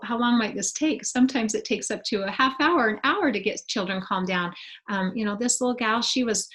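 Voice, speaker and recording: A woman presenting a webinar over a video call, explaining in a relaxed, conversational way with many fillers. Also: medium pitch. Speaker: webinar presenter on student well-being.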